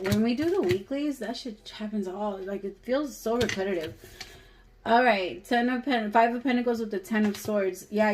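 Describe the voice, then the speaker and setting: A woman's voice: medium pitch, noisy background. A woman doing a casual tarot reading for her viewers, talking straight to them in a candid way and swearing freely. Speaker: tarot reader.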